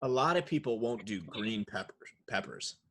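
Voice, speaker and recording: A man's voice: on the low side, lively intonation, moderate pace, fairly bright tone. A man trading jokes as co-host of a casual podcast. He talks easily and riffs on whatever comes up. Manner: joking, riffs in silly put-on voices. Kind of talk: casual chat.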